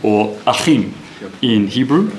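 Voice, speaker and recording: A man's voice: mid-range voice, lively intonation, slow. A man leading a casual Bible study, chatty and laughing, often restarting his sentences. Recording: echoey room with faint noise.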